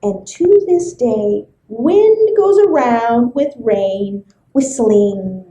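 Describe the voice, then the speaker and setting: A woman librarian reading a folk tale aloud to children, expressive and full of sound effects. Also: a little high, very slow, reverberant, poor audio. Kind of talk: storybook read-aloud for children.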